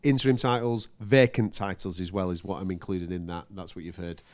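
A man's voice: low-pitched, fairly even intonation, fairly quick. A man co-hosting a casual fight-sports chat who lays out stats, teases his partner and swears freely. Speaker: podcast co-host.

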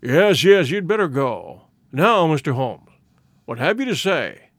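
A man's voice: on the high side, very animated, a little slow, no echo. A proud, stately nobleman with a stern, impatient edge, put on by a man reading the tale. His speech is formal and commanding. The sound is close and dry.

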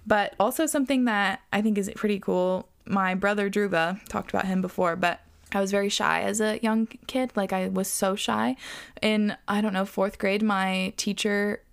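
A woman's voice: mid-range voice, fairly even intonation, normal speed, gravelly. A young adult woman hosting a podcast alone, talking in a chatty, reflective way with lots of fillers. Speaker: podcast host. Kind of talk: casual solo podcast talk.

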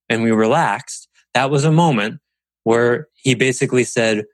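A man talking casually on a podcast, animated and acting out quoted voices as he tells stories. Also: mid-range voice, normal speed, dry recording, poor audio. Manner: animated storyteller, acts out quotes. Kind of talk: casual conversational podcast talk.

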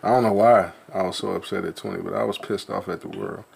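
A man co-hosting a casual live radio show, talking slowly and hesitantly. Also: low voice, fairly even intonation, vocal fry, a little mellow, slightly rough. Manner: slow, hesitant, reflective.

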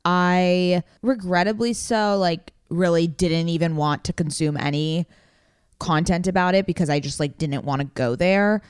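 Deep-voiced smooth woman co-host. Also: fairly even intonation, moderate pace, no room sound, clean studio sound. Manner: reactive, sympathetic listener. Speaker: podcast co-host. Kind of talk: casual podcast chat.

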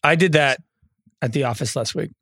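A man co-hosting a podcast, chatting casually with wry, quick asides. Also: fairly high pitch, fairly bright tone, dry recording, clean studio sound. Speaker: podcast co-host. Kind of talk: casual chat.

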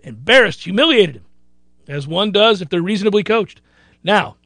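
A man's voice: high-pitched, lively intonation, normal speed, gravelly, a bit bright, no room sound. A man hosting a sports talk radio show, boastful and joking, rambling between bets and news.

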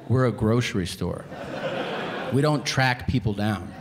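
A man's voice: medium pitch, a little slow, pitched below the performer's own voice, close to an everyday voice. A comedian voicing a curt, rude male grocery store clerk. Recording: live stage with background noise.

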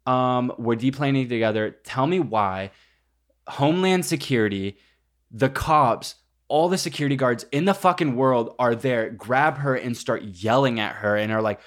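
A man's voice: medium pitch, moderate pace, fairly bright tone. A man telling a story in casual chat, rambling and profane, full of "like" fillers. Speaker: podcast co-host.

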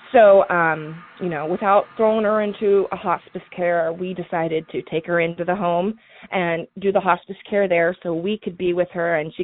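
A woman telling a personal story in a casual, halting way, with fillers and soft laughs. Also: fairly low pitch. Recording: tinny phone line, dry.

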